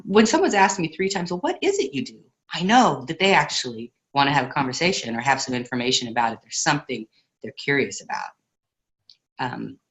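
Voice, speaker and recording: A woman co-hosting an online book club discussion, chatty and quick to laugh. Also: sits low, a bit bright, low-quality recording. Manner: chatty, laughs often, quotes others in voices.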